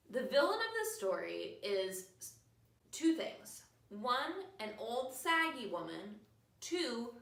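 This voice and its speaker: A woman hosts a casual podcast, recapping a movie in a chatty, sarcastic style and acting out the characters' lines. Her medium-pitched voice is a bit bright and sounds distant from the mic in an echoey room.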